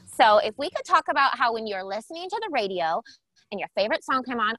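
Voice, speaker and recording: A woman's voice: fairly high pitch, sharp tone, no room sound. A woman playing a bubbly 1980s valley girl guest on an improvised comedy podcast, gushing in slang.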